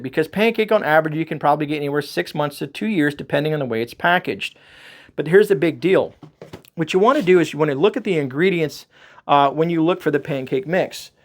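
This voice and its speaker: Folksy man with a higher voice. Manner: folksy, rambling, addresses viewers as folks. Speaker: homestead channel host. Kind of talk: casual grocery haul vlog.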